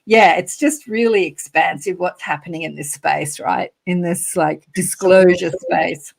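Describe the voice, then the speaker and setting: A woman's voice: lowish voice, measured pace, gravelly, husky. Bubbly Australian woman guest. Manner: bubbly, chatty, laughs often. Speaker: podcast guest. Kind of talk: casual chat.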